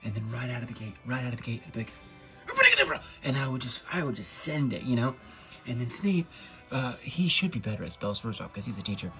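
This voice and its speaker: A young man talks to a camera on a tripod while alone at home late at night. He rambles fast and playfully, cutting himself off mid-thought. His pitch swings lively up and down. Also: soft background music. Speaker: comedic vlogger. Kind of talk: rambling comic monologue to camera.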